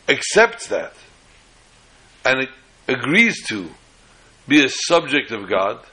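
A man's voice: medium pitch, bright, forceful tone, rough recording. Man teaching a Torah class. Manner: explanatory, restarts and rephrases words mid-sentence; tells jokes as illustrations.

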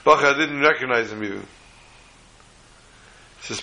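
A man with a bright, forward voice tells a story during a religious talk. His delivery is animated and halting, full of restarts and repeated phrases. His pitch sits in an ordinary middle range. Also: low-quality recording.

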